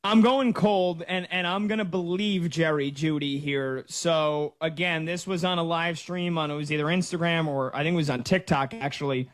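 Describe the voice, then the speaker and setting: A man's voice: a little high, moderate pace, hardly any pauses, no room sound. Chatty sports radio host, man in 30s. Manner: chatty, storytelling, animated. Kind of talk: casual sports talk radio.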